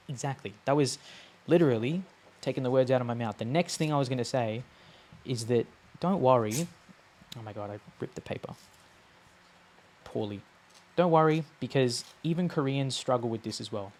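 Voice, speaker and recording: A man teaching a language on a live stream, casual and chatty, repeating sounds slowly to demonstrate them. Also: mid-range voice, a little mellow.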